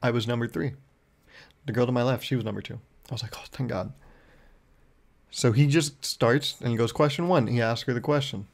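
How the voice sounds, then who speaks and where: A man's voice: medium pitch, fairly even intonation, fairly quick. A young man hosting his own podcast, telling a rambling, profane story in a casual monologue. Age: young adult. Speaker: podcast host.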